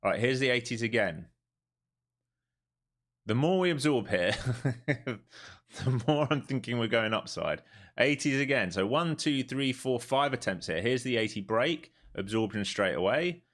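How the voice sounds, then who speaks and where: Streaming live as a day trader, this man talks through the action for viewers in an unhurried, mid-range voice, sinking into mutters before breaking into excited bursts.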